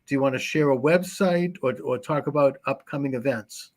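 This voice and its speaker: A man's voice: mid-range voice, a little fast. A man hosting a live talk show, thanking his guest and chatting through plugs in an affable way.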